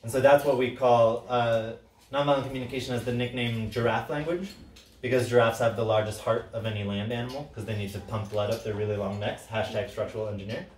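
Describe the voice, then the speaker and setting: A man's voice: medium pitch, fast talker. A man leading a workshop, talking casually and acting out the quoted lines with a lot of energy. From Sicilian background. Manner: animated, acts out quoted lines loudly, frequent "right?". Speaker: workshop facilitator. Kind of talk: workshop talk. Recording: roomy, from a distance.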